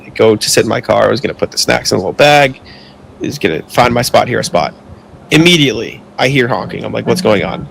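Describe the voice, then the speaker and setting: A man's voice: on the low side, animated, fast, creaky, fairly bright tone, slight background noise. A young man co-hosting a podcast, telling a long story in a rambling, casual way with lots of "like" and some swearing. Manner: rambling, heavy use of filler "like", swears when annoyed. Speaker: podcast co-host.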